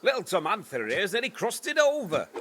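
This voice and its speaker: A man voicing a crude workman in a cartoon game, bawdy and brisk. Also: high voice, wildly swooping pitch, a crowd in the background. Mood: gruff.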